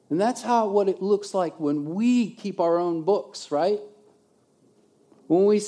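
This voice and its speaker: A man preaching a sermon as a pastor, animated, swinging between loud emphasis and quiet asides. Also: high voice.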